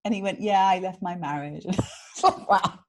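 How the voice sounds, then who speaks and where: A woman's voice: lowish voice, fairly quick, slight background noise. A British woman from England, a guest author, telling stories in a casual interview, laughing often and acting out what people said. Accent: British English. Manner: animated, laughs often, acts out quotes.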